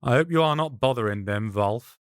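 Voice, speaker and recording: A man voicing a calm, placid rabbi with a scholarly, quietly forceful way of speaking. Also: medium pitch, a little fast, clear, resonant tone, no echo, clean studio sound, natural voice.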